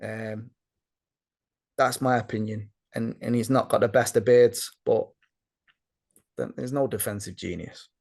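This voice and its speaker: A man with a Manchester accent, a guest giving blunt opinions in casual chat, animated and talking in quick bursts with lots of fillers. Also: mid-range voice, gravelly. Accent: Mancunian. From Manchester, England.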